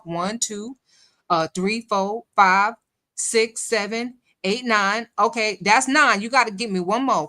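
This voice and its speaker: Bright-voiced woman hosting a livestream. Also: mid-range voice. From New York City. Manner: chatty, reads viewer comments aloud, laughs often. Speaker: livestream host. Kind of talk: casual livestream chat.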